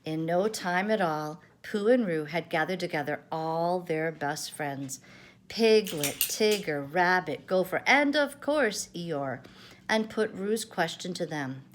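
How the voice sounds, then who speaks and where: An older woman, a grandmother, reading a children's storybook aloud with gentle, expressive delivery. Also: sits low, unhurried. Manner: gentle expressive read-aloud, varied intonation.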